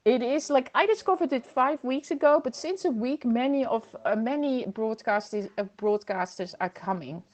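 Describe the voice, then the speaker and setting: Chatty high-voiced woman streamer. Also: animated, moderate pace, few pauses, a little mellow. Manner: chatty, reads viewer comments aloud, laughs often. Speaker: livestream host. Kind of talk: casual livestream chat. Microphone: computer microphone.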